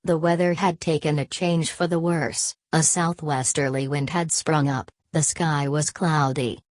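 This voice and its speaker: A woman narrates a novel in a low, steady voice. The recording is dry and close, with no room sound. Her reading is even and unhurried. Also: no echo. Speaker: audiobook narrator. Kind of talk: scripted narration.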